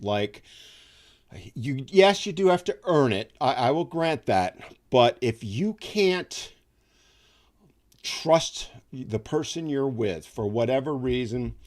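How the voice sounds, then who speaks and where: A man from upstate New York hosting a casual livestream, talking in a rambling, conversational way with many fillers. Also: mid-range voice. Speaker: livestream host.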